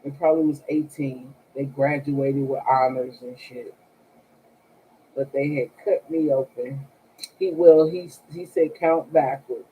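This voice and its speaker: Her voice sits extremely low and sounds warm, though the poor audio carries a little hiss or hum. Running a tarot live stream, this woman tells casual stories to her viewers, sarcastic and profane, breaking into laughter often.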